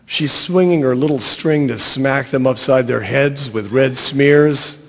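A man reading a short story aloud in a wry, deadpan storytelling voice. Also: mid-range voice, unhurried, long reverb tail. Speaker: narrator.

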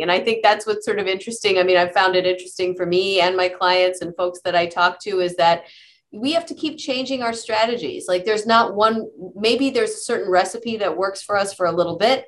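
A middle-aged woman speaks as a psychologist guest on an interview podcast. She tells stories earnestly, her thoughts spilling out with fillers and restarts. Her pitch sits in an ordinary middle range. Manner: warm storytelling, earnest, with many fillers and restarts. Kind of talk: conversational interview answers.

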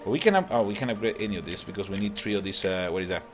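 A man hosting a gaming channel, chatting excitedly and laughing as he comments on a mobile cooking game. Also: lowish voice, rapid-fire. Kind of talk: casual gameplay commentary. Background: game music.

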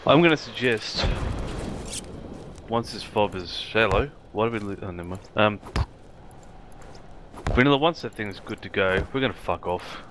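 A man's voice: on the low side, normal speed, pauses often. A man leading a squad in casual gaming chat, swearing freely and spinning long joke stories. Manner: swearing, storytelling, does character voices in jokes. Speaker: squad leader. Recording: game audio noise behind.

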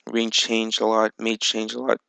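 A man chats loosely over his game footage, full of ums and easy swearing. His voice has a gravelly edge but stays smooth and clear. It sounds close and dry, with no room around it. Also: lowish voice, monotone, normal speed, sharp tone, dry recording, rough recording. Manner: rambling, filler-heavy, swears casually. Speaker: video game channel host. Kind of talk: casual gameplay vlog chat.

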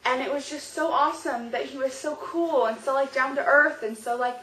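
A young woman with a high voice tells a story straight to camera, bubbling over with excitement and "like" after "like". The room around her is roomy and echoey. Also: moderate pace. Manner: gushing, excitable, heavy use of "like". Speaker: vlogger. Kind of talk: casual storytelling vlog. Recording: roomy echo.

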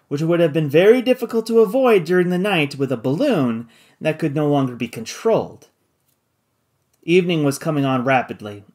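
A narrator reading a classic adventure novel aloud in an expressive, dramatic way. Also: medium pitch. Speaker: audiobook narrator.

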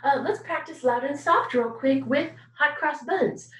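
In a recorded online music lesson for young children, a woman teaches kindergartners patiently and encouragingly, asking them questions and singing examples. Her high-pitched, slightly bright voice is a little slow, and the low-quality recording is reverberant and taken from a distance.

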